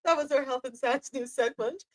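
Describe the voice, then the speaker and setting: A woman's voice: high voice, fairly quick, crowd noise, poor audio. A woman hosting a news talk podcast, reading segments with chatty asides. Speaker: podcast host.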